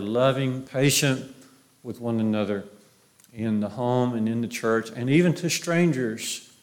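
A male preacher delivering a sermon in a mid-range voice with a gravelly, creaky edge. He quotes scripture and circles back on his own phrases to drive each point home. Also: mid-range voice.

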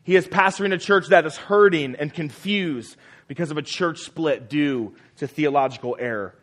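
A man's voice: a little high, moderate pace, fairly bright tone. Earnest male pastor preaching. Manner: earnest, repeats phrases for emphasis. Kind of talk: sermon.

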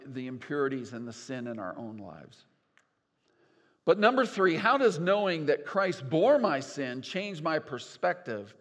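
An older man preaching a sermon as pastor, animated and folksy with gentle humor. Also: a little high. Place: church sanctuary. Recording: long church reverb.

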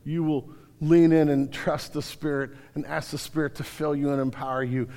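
A man's voice: fairly high pitch, little pitch movement, normal speed, dark tone, long reverb tail. A man preaching a sermon as pastor, talking in a colloquial, emphatic way with slangy retellings.

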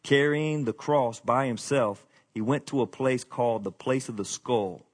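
A man's voice: mid-range voice, unhurried, breathy edge. A man preaching a sermon, with rising emphasis and casual asides to the congregation. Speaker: pastor.

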